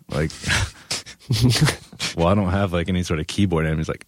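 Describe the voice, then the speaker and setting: A man's voice: low voice, moderate pace, long pauses, a little hiss or hum. A young man, a guest, telling laid-back stories in casual chat, laughing often.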